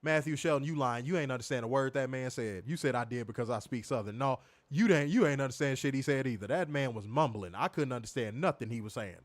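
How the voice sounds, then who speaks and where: A man's voice: mid-range voice, fast talker, few pauses, dry recording. A man hosting a live wrestling review stream, talking casually and profanely, repeating himself and reading viewer comments aloud. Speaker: wrestling show reviewer on a livestream.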